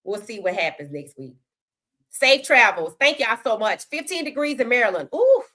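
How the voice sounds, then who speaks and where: A woman's voice: a little high, lively intonation, moderate pace, pushed and bright. A woman hosting a casual sports talk livestream, giving outspoken, colloquial opinions and greeting chat viewers. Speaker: podcast host.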